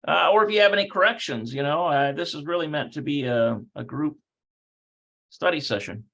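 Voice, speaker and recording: A man's voice: on the high side, normal speed, vocal fry, fairly bright tone, lo-fi sound. A man teaching a casual livestreamed language lesson, rambling, thinking aloud and correcting himself as he goes. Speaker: Hebrew teacher.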